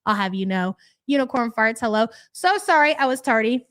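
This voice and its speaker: A woman's voice: on the high side, animated, brisk, fairly bright tone. A woman hosting a live stream, chatting casually and reading out viewer names. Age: adult parent.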